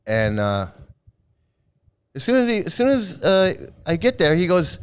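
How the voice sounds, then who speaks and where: A man's voice: mid-range voice, sing-song, unhurried, pauses often, smooth. A man casually telling a personal story, rambling and chuckling often as he goes. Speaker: former member recounting his experiences.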